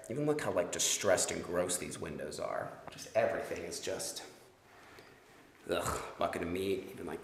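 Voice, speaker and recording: A man's voice: low voice, creaky, a bit bright. A man hosting a haunted house walkthrough, chatting enthusiastically about the details. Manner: enthusiastic, chatty, laughing often. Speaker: host. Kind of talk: casual walkthrough commentary. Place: inside an old industrial building.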